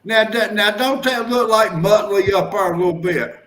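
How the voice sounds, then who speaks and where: A man's voice: high voice, moderate pace, a bit bright. A man chatting casually on a livestream, joking and teasing in a folksy way. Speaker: livestream guest. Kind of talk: casual chat.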